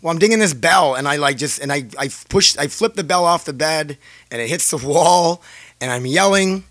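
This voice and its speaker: Man, casual storytelling to viewers, profane, laughs a lot, bright tone, dry close sound. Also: fairly high pitch, moderate pace, no echo. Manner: rambling, profane, laughs often. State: scratchy throat.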